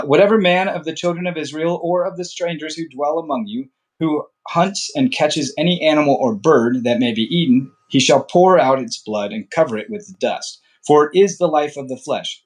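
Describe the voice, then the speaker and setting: A man reading scripture aloud in a steady, measured way, with occasional slips and restarts and brief casual asides. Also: a little high. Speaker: Bible reader.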